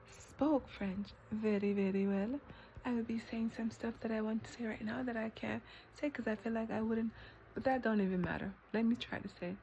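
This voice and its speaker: A woman vlogging a reflective self-talk monologue, rambling with lots of fillers and breaking into sudden high exclamations. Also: warm tone, a little hiss or hum. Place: eating ice cream while filming herself.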